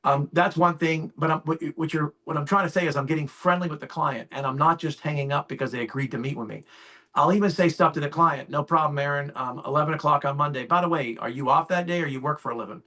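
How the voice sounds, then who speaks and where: Energetic man with a bright, forceful voice. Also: a little high, quick pace. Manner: animated, acts out both sides of client calls; gets fired up, emphatic. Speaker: insurance sales agent sharing tips. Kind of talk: casual call talk. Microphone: call audio.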